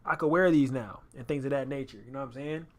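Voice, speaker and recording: A man's voice: mid-range voice, fast. A young man photographer chatting loosely on his live stream while he edits, full of slang and repeated phrases. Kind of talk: casual live-stream chat.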